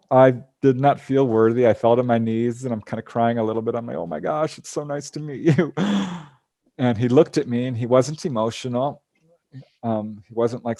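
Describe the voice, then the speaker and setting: A man's voice: mid-range voice, darkish tone, no echo, clean studio sound. A man telling stories of his out-of-body experiences to a group over a video call, earnest and laughing often. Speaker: guest speaker. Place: home.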